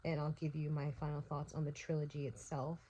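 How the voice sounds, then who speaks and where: A woman's voice: low voice, little pitch movement, brisk, warm tone, breathy edge, rough recording. A young woman talking casually to her phone at home at night, worn out and teary, gushing emotionally about a book and swearing freely. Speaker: book vlogger. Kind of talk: casual vlog chat.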